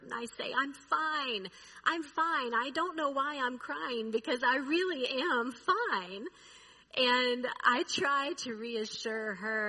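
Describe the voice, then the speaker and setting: Slow, bright-voiced woman preaching. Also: a little high, husky, rough recording. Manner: slow, reflective storytelling. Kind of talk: personal story in a sermon.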